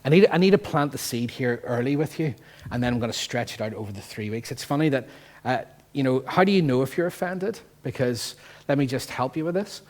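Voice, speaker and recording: A pastor with a Northern Irish accent delivers a sermon in church, lively and full of jokes and rhetorical questions. His voice sits in the mid range and moves a little quickly.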